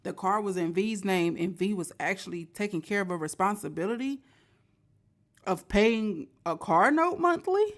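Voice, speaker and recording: A woman in a relaxed reaction-video voice, thinking aloud about the story she is watching. She speaks in a wry, chatty way, straight to her viewers. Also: mid-range voice, normal speed. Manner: casual, wry, addresses viewers directly. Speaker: reaction channel host. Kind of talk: casual reaction commentary.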